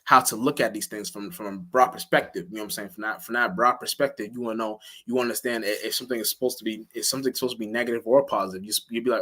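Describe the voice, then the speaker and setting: A man talks loosely and at length on his own livestream. He curses constantly, restarts his sentences and leans on fillers. Now and then his voice jumps much higher and louder when he acts out a reaction. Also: fast talker. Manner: rambling, profane, with many restarts and fillers. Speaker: livestream host. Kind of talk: casual livestream monologue.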